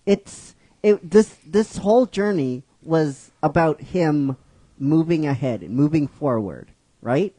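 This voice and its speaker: A man's voice: a little high, animated, slow pace, dark tone, no echo. A man casually retelling his own fan script, rambling and repeating himself, and often asking "right?" as he goes. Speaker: fan script writer and narrator.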